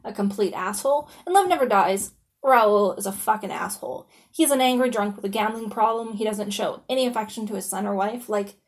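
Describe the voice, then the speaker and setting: A woman hosts a podcast on her own in a loose, conversational way. She keeps dropping in "you know" and "like", and she swears casually as she goes. Her voice sits at a middling pitch for a woman. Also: fairly quick, few pauses. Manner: chatty and informal, lots of "you know" and "like", swears freely. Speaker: podcast host.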